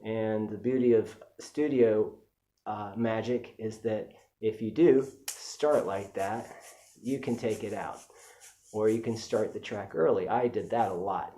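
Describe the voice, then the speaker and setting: Relaxed man teaching shaker basics. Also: on the low side, measured pace. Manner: relaxed, chatty, with fillers. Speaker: music teacher. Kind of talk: casual instructional talk.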